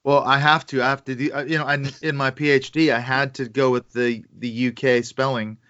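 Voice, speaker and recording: An American man as a podcast guest, good-humored and quick to laugh. His tone is bright and forceful. The recording is dry and a little dull. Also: mid-range voice, level tone, smooth, no echo. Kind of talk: casual interview chat. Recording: dry, slightly muffled podcast audio.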